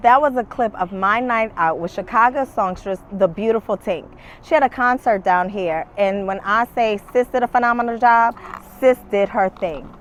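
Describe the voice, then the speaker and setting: A young woman, hosting a casual talk show in a bubbly, excitable way. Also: a little high, normal speed, hardly any pauses, slight background noise. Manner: bubbly, excitable, laughs often.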